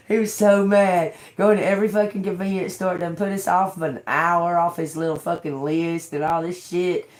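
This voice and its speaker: A woman's voice: fairly low pitch, darkish tone, roomy sound. A woman telling a story in a blunt, profane, laughing way during a livestream. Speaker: tarot reader livestreaming. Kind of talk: casual storytelling chat.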